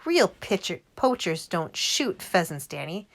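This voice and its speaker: Woman reads an eager middle-aged dad spinning a yarn; lowish, animated storybook voice. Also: unhurried, creaky, heavily acted. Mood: confiding. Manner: lively, relishing the tale. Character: cheerful storytelling father, middle-aged man.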